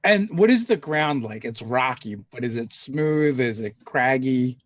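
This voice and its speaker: A man's voice: medium pitch, animated, a little slow, no room sound. A man playing a tabletop game, eager and playful, asking the dungeon master questions. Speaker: player. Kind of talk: casual tabletop play.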